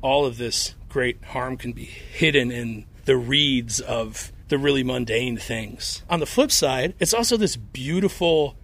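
A man from Chicago with a Chicago accent, a podcaster talking in a wry, animated way. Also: medium pitch, measured pace, vocal fry, hardly any pauses. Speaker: podcaster and musician. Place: vintage shop with clothing racks.

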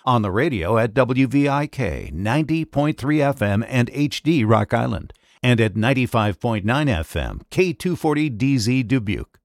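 A male station announcer reading station identification and sponsor credits in a lively, upbeat manner. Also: medium pitch, moderate pace, no room sound, clean studio sound.

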